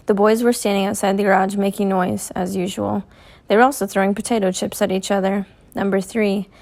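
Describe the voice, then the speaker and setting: A woman reading a first-person novel aloud in a measured, clear storytelling manner. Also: mid-range voice. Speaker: audiobook reader.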